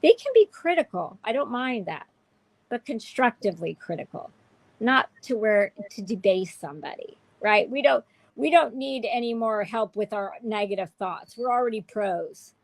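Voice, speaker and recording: A woman's voice: mid-range voice, expressive, normal speed, creaky, dry recording, low-quality recording. A woman hosting a candid livestream chat, speaking in a heartfelt, emotional way with many restarts. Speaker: show host.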